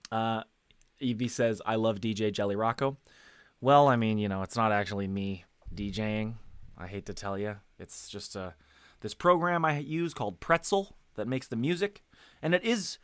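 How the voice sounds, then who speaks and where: A man talks casually to viewers while streaming a video game on a headset, rambling and self-correcting amid many fillers. His mid-range voice is a bit bright and clean, and the recording is dry with clean studio sound.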